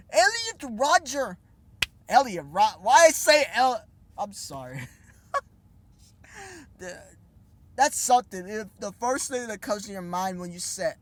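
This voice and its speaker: High-voiced young man, sarcastic rant. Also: fairly bright tone. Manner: sarcastic, scornful, casual slang. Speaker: vlogger. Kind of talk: mocking commentary rant.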